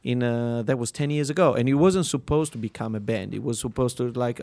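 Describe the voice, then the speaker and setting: A man's voice: medium pitch, brisk, hardly any pauses, dark tone. A young man with an Italian accent, a musician answering interview questions in a hesitant way with many fillers and restarts. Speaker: musician, band leader.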